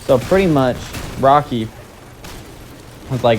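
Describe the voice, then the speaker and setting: A man's voice: fairly low pitch, fairly even intonation, moderate pace, a little hiss or hum. Rambling young guy recapping a movie. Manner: rambling, filler-heavy, offhand. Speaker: video creator.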